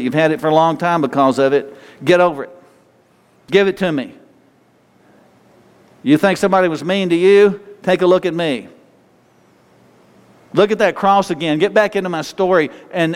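A man's voice: on the high side, clear, resonant tone. A man preaching a sermon and leading a closing prayer, fervent and repeating phrases for emphasis. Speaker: pastor. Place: church sanctuary. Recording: long hall reverb.

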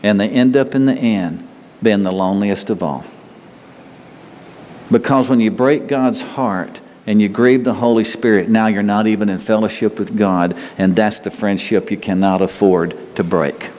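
A man's voice: lowish voice, moderate pace, a little mellow, long reverb tail, slight background noise. A man pastor preaching a sermon in an earnest, conversational way, often repeating and restarting his words.

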